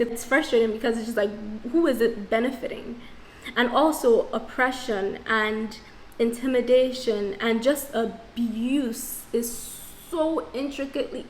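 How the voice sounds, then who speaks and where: This reflective vlog features a young woman from the Nigerian diaspora thinking aloud to camera, candid and self-doubting, frequently restarting what she says. Her voice is fairly high, and there's slight background noise along with echo and faint music.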